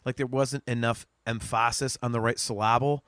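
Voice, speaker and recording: Speaking at a moderate pace with fairly even intonation, a man co-hosting a podcast chats loosely, restarting sentences, wandering off track and cursing without restraint. His medium-pitched voice has a fairly bright tone, captured dry and at studio quality.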